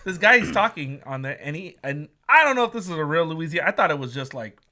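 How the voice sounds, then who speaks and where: Man, podcast co-host, bright tone, laughs a lot, casual chat. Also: on the high side, quick pace, a little hiss or hum. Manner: animated storyteller, laughs a lot.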